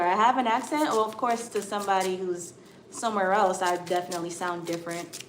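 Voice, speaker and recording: Here the tarot reader, a woman from the United States, talks fairly quickly at a medium pitch with fairly even intonation. Broadcasting live from an echoey, faintly noisy room, she soothes viewers, calls them sweetheart and honey, and keeps saying "okay?"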